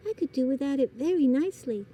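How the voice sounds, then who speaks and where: A woman's voice: high-pitched, lively intonation, fast talker, dark tone, voice pushed up. A woman voicing a small, curious baby barn owl boy in an earnest, innocent storybook reading.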